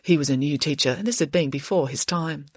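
A woman narrating a children's story in an expressive, animated reading style. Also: low voice, brisk, husky, no room sound, clean studio sound.

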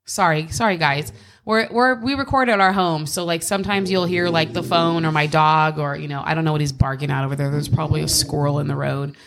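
A woman's voice: deep voice, brisk, creaky. A woman co-hosting a podcast from home, telling a personal story in casual chat, candid and swearing freely. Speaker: podcast co-host.

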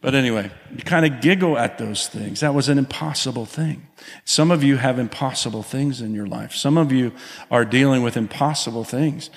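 A man preaching a sermon in a church, animated, calling out to the congregation as he tells a story. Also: medium pitch, moderate pace. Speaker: pastor. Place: church sanctuary. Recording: long hall reverb.

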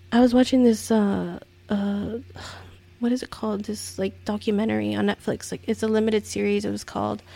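A woman's voice: mid-range voice, creaky, warm tone. A woman hosting a casual commentary podcast, rambling and exasperated, with many fillers and restarts. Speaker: podcast host.

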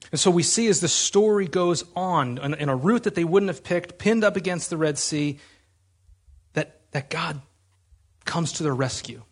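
A man delivering a sermon in a husky voice that sits fairly high for a man. He speaks conversationally and with emphasis, often doubling back to restart a phrase. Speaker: preacher.

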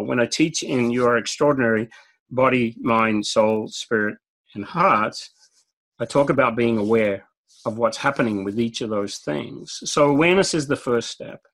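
A man's voice: medium pitch, gravelly. A man with an Australian accent, a guest speaker telling stories in a direct, talkative way and laughing at his own jokes. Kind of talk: conversational storytelling interview.

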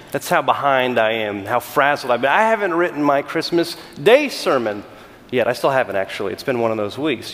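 A middle-aged man from California, a senior pastor giving a conversational sermon with animated, self-deprecating storytelling and frequent restarts. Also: fairly high pitch, long reverb tail.

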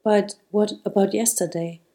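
A woman reading aloud, voicing a kind, very old male flower seller who talks in a gentle, secretive way. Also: mid-range voice, fairly even intonation, normal speed, lightly acted.

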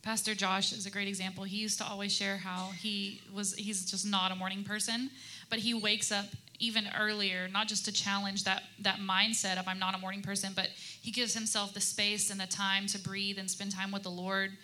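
A woman's voice: mid-range voice, level tone, normal speed, pushed and bright. A woman in her thirties on a faith-based panel, speaking earnestly about home habits with fillers.

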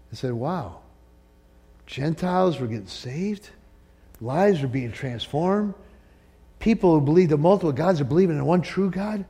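A man preaching a sermon as pastor, swinging from loud emphatic peaks to soft asides. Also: a little high, animated, normal speed, creaky, pauses often, breathy edge. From northern United States.

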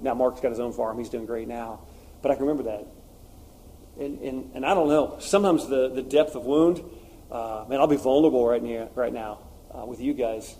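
A man's voice: mid-range voice, moderate pace, warm tone. A man preaching a sermon, telling personal stories in an earnest, confessional way with frequent fillers.

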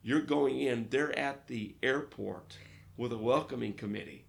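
A man from Arkansas, a pastor, telling lively stories in a casual interview and acting out the dialogue. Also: medium pitch, measured pace, vocal fry. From Arkansas, United States. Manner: lively storyteller who acts out dialogue.

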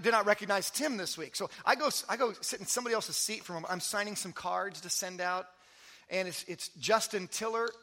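A man preaching a sermon as pastor, telling stories with energy and then dropping to soft, intimate emphasis. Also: high voice. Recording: long hall reverb.

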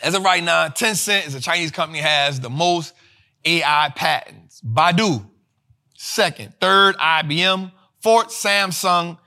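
Host type: high-pitched man, punchy, slangy, hyped finance commentary. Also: a little slow. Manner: animated, repeats lines for emphasis, slangy. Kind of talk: energetic casual commentary.

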